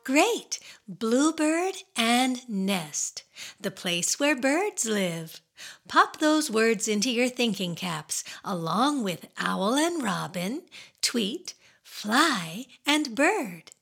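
A woman hosting a children's radio show, talking playfully and singing slowly to small kids. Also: on the high side, gravelly, husky. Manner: slow, sing-song, animated talk to kids.

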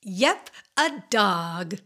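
A woman's voice: mid-range voice, big pitch swings, drawn-out words. A woman hosting a children's radio show, playful and silly as she asks young listeners questions in a sing-song way.

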